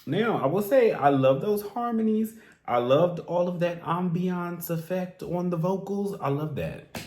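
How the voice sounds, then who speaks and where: A man hosting a music reaction, talking straight to the singer in a theatrical, animated way. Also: high voice, a little slow, roomy sound. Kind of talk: casual song reaction commentary.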